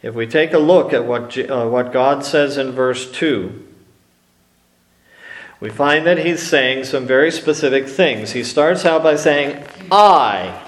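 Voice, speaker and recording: A man preaching a sermon slowly and emphatically, with dramatic pauses on key words. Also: mid-range voice, echoey room. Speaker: pastor.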